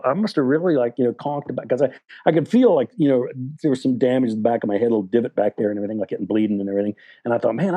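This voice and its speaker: A man's voice: mid-range voice, mellow. A man in his sixties from West Virginia, an author being interviewed, telling a story in a rambling, casual way full of fillers. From West Virginia, USA. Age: 60s. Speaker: guest author.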